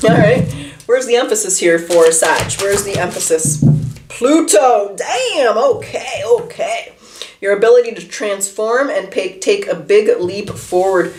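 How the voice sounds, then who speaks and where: A woman giving a casual tarot reading, chatty and animated, talking straight to the viewer from a room at home. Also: fairly high pitch, moderate pace, reverberant, slight background noise. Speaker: tarot reader. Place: room at home, seated in a chair.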